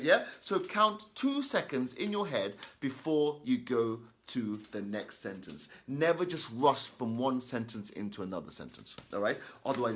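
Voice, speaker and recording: A man's voice: a little high, a bit bright, a little hiss or hum. A man giving children tips on reading aloud, emphatic and constantly checking in with "okay?" and "all right?". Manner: reads example sentences slowly and deliberately.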